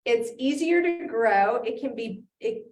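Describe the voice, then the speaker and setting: A woman presenting in a casual educational chat, talking with many fillers and pauses. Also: a little high, lively intonation. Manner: chatty, hesitant with fillers. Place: heritage center room. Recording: echoey room, mic far off.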